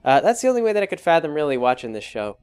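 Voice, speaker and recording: A man's voice: on the high side, sing-song, rapid-fire, a little mellow, clear, resonant tone, faint music behind. A young man chatting casually as a blog host, rambling and hesitant, with many fillers and restarts. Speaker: blog host reviewing a show. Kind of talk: casual chat.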